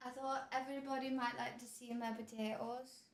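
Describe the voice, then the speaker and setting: A woman streaming from her home kitchen, talking casually to her viewers. Her voice sits a little high. She is playful and self-mocking. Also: little pitch movement, fairly quick. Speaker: live streamer.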